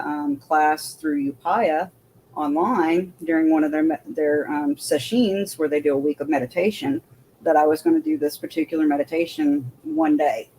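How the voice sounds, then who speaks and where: A woman's voice: deep voice, a little mellow, slight background noise. A woman, a military veteran, telling her story as an interview guest in a rambling way with many restarts.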